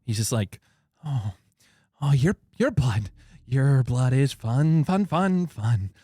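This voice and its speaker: A man's voice: medium pitch, takes it slowly, husky, dry recording, studio quality, exaggerated voice. A man doing a gleeful bloodthirsty vampire. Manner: hungry, repetitive, rising excitement.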